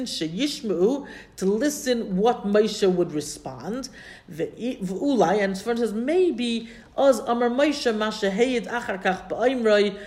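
A woman's voice: lowish voice, a little mellow. Woman teacher explaining a text. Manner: explanatory, translates Hebrew terms as she goes; pauses often to search her notes. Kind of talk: classroom Bible lesson.

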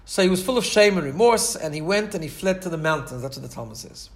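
An expressive, fast-talking Torah teacher delivers his sermon as an extended, sincere narrative. His slightly higher male voice stumbles through frequent restarts and repeated words.

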